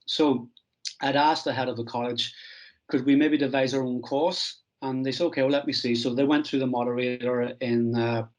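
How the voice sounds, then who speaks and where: A middle-aged man from Northern Ireland, a strength coach telling stories from his career in a relaxed, self-deprecating interview. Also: medium pitch, moderate pace, rough recording. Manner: anecdotal, self-deprecating, acts out quoted dialogue.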